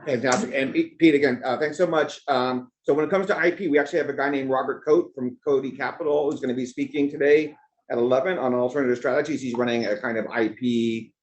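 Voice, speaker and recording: Guy hosting a business event, middle pitch, rambly chatty opening remarks. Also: fairly even intonation, fast talker. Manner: rambling, conversational, jumps between asides. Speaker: event host and organizer.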